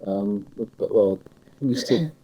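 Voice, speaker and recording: A man interviewing in a casual conversation, hesitant and filling pauses with ums. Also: on the low side, expressive, mellow, breathy edge, low-quality recording. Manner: hesitant, many fillers.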